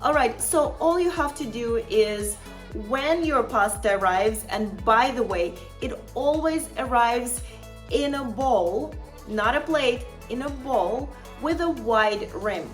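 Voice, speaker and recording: A woman with a fairly high voice hosts a travel tips vlog, chatting warmly to her viewers and slipping in little laughs. Soft music hums faintly in the background. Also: animated, slow. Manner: chatty and encouraging, addresses viewers as "fabulous people", laughs often. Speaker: travel vlogger. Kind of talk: upbeat tips vlog to camera.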